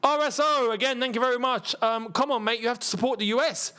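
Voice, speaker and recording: A man hosting a live football watchalong, chatty and rambling, with excitable bursts at the match action. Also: very high-pitched, quick pace. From England. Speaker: football channel host.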